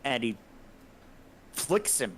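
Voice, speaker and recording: A man's voice: medium pitch, big pitch swings, takes it slowly, slight background noise. A man narrating a tabletop game as game master, describing the action in a loose, chuckling way.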